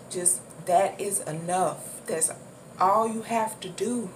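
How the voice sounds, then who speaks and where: A woman talks slowly and reflectively about the soul, circling back over her points and dropping casual curses. She sits a bit away from the microphone, with a clear hum of background noise in the room. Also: medium pitch, recorded from a distance. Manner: reflective, loose and repetitive, casual swearing. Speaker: spiritual vlogger. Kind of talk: casual spiritual talk.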